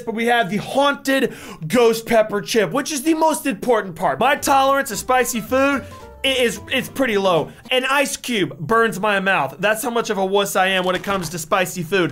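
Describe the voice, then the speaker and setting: A young man joking through casual gaming commentary who keeps bursting into excited shouts. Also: very high voice. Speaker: YouTuber.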